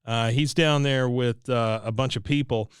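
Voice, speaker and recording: A man's voice: mid-range voice, steady tone, normal speed, smooth, no room sound, clean studio sound. A man co-hosting a podcast, casually retelling scenes and briefly mimicking the characters. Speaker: podcast co-host. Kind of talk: casual recap chat.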